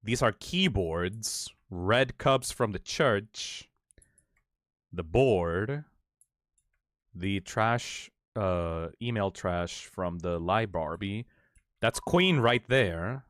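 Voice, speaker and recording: A man's voice: lowish voice, animated, extremely slow, fairly bright tone, no room sound, clean studio sound. A man streaming a game live, reading the dialogue aloud and reacting with emotional exclamations and swearing.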